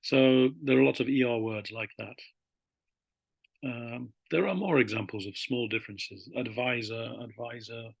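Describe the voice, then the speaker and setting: A man explaining spelling and vocabulary differences in a chatty, rambling lesson, slowing down to spell words out. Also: mid-range voice, creaky, breathy edge, dry recording. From Britain. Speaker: English teacher. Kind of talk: casual classroom explanation.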